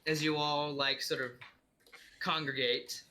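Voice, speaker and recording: A man's voice: on the high side, flat delivery, unhurried, pushed and bright. A man running a tabletop game as dungeon master, narrating casually with many fillers.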